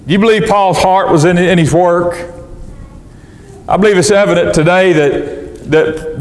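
A man preaching a sermon as pastor, reading scripture in old-fashioned wording and restarting phrases as he goes. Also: high voice. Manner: preaching in King James wording with frequent restarts. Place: church sanctuary. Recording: long church reverb.

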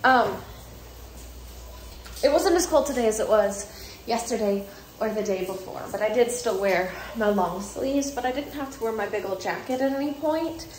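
A woman's voice: a little high, expressive, moderate pace, a little mellow. A young woman vlogging at home at night in casual chat, rambling and correcting herself. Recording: roomy with faint noise.

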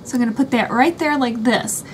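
A woman with a high, light voice walks through a craft project one step at a time, chatty and easygoing. A faint hum of room ambience sits under her voice. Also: brisk. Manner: chatty, explains each step as she works. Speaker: craft channel host.

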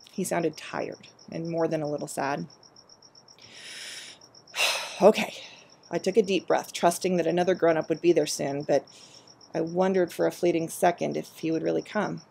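Brief: woman storyteller, measured reflective reading, gravelly low-set voice. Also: darkish tone. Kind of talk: reading a personal story aloud.

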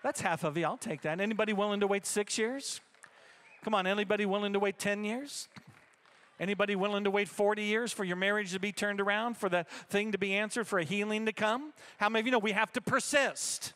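High, bright-voiced emphatic preacher man. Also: steady tone, a little fast. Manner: emphatic, repetitive, rallying the congregation. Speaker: pastor. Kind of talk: sermon. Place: church service.

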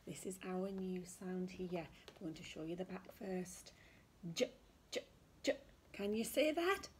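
A woman teaching small children their letter sounds in a slow, sing-song, encouraging way. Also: on the low side, very animated, slight background noise. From England. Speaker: nursery teacher. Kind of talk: children's phonics lesson.

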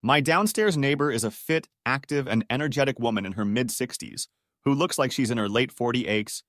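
A man narrating a string of short online stories in a steady, scripted reading voice. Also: mid-range voice, normal speed, no room sound, studio quality.

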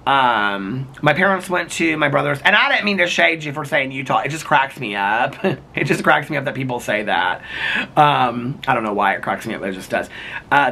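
A man's voice: mid-range voice, expressive, moderate pace, creaky, bright, forceful tone. A man vlogging in a casual, rambling chat, reading viewer comments and peppering his talk with "like". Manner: chatty, rambling, heavy use of "like".

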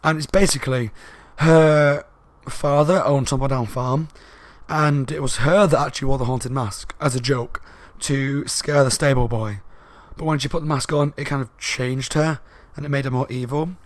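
A man talks his way through a book review in a casual, rambling manner, quick and loud. His voice sits at an ordinary middle pitch. The recording is dry and close, with little room sound. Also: fairly even intonation, no room sound. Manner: fast and loud talker; rambling, with fillers and asides.

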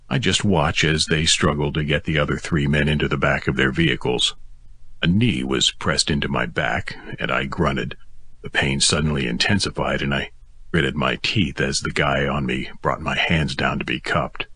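A man narrating a first-person novel as an audiobook, in a gruff, weary telling. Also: very deep voice, moderate pace, bright, forceful tone, dry recording.

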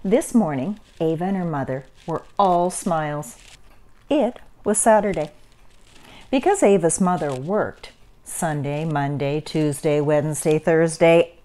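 A woman teacher reading a picture book aloud to children, expressive and stretching words for emphasis. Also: lowish voice. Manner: expressive storytelling with drawn-out emphasis.

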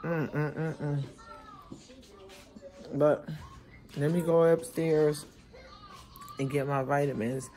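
Talking slowly in a low, warm, steady voice with frequent pauses, a woman in her forties addresses her viewers directly from home and then from a parked car. This vlogger and mother rambles casually and can't fully open her mouth after having teeth extracted.

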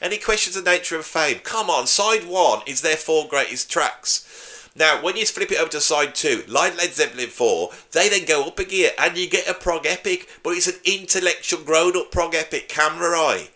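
With a fairly high, bright, pushed voice at a moderate pace, this man speaks casually to camera on his own channel. He's a drummer and YouTube host whose talk is chatty, opinionated, and jokey.

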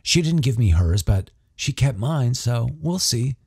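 A man's voice: medium pitch, animated, a little slow, a little mellow, husky, no room sound, studio quality, voice pushed up. A man voicing a mean-spirited teenage boy who talks in a blunt, sneering way.

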